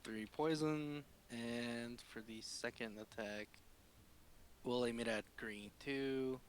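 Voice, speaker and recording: A man's voice: mid-range voice, fairly even intonation, slow pace, slight background noise. A man playing a tabletop game, declaring his actions hesitantly while thinking aloud. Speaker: player. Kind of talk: casual tabletop play.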